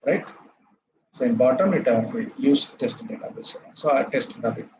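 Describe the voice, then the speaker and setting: A man's voice: medium pitch, lively intonation, normal speed, a little mellow, highs cut off, slight background noise. A man with an Indian English accent teaching a live coding lecture. He repeats terms and checks in with "right?" after each step.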